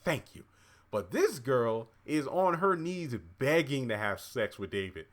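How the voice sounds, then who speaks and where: A man casually recapping a TV episode, chatty and excitable, cheering and exclaiming at the scenes. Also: medium pitch, a little slow. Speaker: TV episode reviewer.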